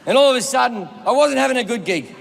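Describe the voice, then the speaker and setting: A man with an Australian accent works a live stand-up set, spinning a rambling, profane anecdote and acting out everyone in it. His voice sits high and gravelly. The sound comes from a reverberant venue with loud ambience behind him. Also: lively intonation, fast. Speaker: stand-up comedian. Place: comedy stage before a live audience.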